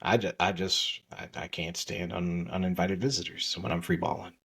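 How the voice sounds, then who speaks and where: A man's voice: low voice, level tone, normal speed, gravelly, fairly bright tone, breathy edge. A man co-hosting a podcast, casually recapping a TV episode and acting out scenes with swearing and laughter. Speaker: podcast co-host.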